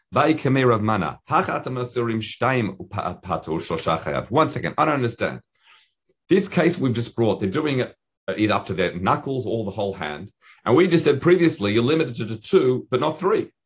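A man's voice: mid-range voice, lively intonation, a little fast, slightly rough. A man teaching a Talmud lesson in casual English, reading Hebrew and Aramaic phrases aloud as he goes.

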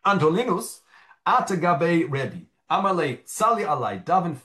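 Guy teaching talmud, reads a line then explains it, lots of ums and restarts, bouncy higher voice. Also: very animated, normal speed, a bit bright. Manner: reads Aramaic phrases then explains them in English, with frequent fillers and restarts. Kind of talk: Talmud study lesson, reading and translating.

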